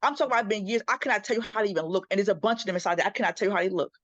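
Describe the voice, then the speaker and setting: A woman's voice: mid-range voice, very fast, fairly bright tone, no echo, dull audio. A middle-aged woman, a podcast co-host, telling a story in a casual group discussion and acting out the voices she quotes.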